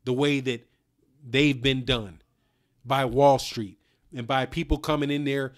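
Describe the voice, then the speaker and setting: Blunt, smooth-voiced man hosting a live stream. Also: medium pitch, a little slow. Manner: blunt, animated slang-heavy talk, reads out super chats. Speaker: boxing channel host.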